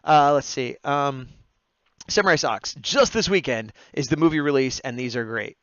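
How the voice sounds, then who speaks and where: A man's voice: medium pitch, moderate pace, fairly bright tone, dry recording. A man chatting casually on a livestream, narrating his drawing as he works and talking to his viewers, over dull lo-fi audio. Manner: chatty running commentary, often laughing at his own jokes. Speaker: livestreaming artist taking drawing requests.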